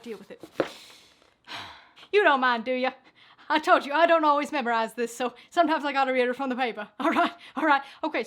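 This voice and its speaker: High-voiced woman hosting comic news. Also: a bit bright, a little hiss or hum. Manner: playful, chatty asides between read-out stories; theatrical newsreader delivery. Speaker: comedic news anchor. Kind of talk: satirical news sketch.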